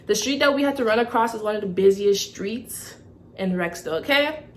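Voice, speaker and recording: A woman's voice: mid-range voice, fairly quick, a little hiss or hum. Young woman telling a story. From Toronto, Canada. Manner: lively storytelling, keeps checking in with "okay?". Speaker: vlogger. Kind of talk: story time vlog.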